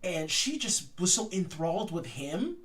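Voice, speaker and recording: A man's voice: high-pitched, sing-song, a little slow, fairly bright tone. A man in his thirties co-hosting a casual comedy podcast, dropping wry, crude quips. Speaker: podcast co-host.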